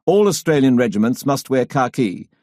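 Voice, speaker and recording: A man narrating a history audiobook in a measured storytelling delivery. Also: mid-range voice, lively intonation, darkish tone, dry recording, clean studio sound. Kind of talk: scripted narration.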